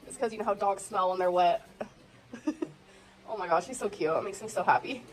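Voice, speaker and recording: A woman's voice: medium pitch, brisk, pauses often, low-quality recording. A stuffed-up woman chatting casually and giggling as she cooks in her home kitchen for a vlog. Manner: chatty, giggly, talks to viewers. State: congested from a cold. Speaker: vlogger. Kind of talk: casual cooking vlog chat.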